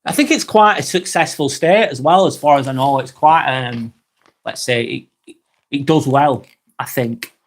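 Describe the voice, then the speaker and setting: He speaks at a normal pace with a mid-range voice and a Northwest England accent from Lancashire. The clip is a casual live-stream chat where he reads and replies to viewer comments, swearing liberally and often restarting sentences.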